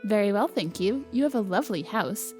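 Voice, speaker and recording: A woman's voice: medium pitch, lively intonation, fairly quick, a little mellow, faint music behind. Woman reading a visual novel aloud. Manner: reads narration evenly, laughs between lines. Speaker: let's player.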